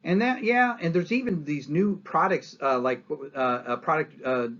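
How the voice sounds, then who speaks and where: A man tells history to his class as a story, acting out what people said and often adding "right?". His voice sits a little high for a man. The recording sounds dull and lo-fi. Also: lively intonation, moderate pace, fairly bright tone. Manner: storytelling with acted-out quotes and frequent "right?". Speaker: history lecturer.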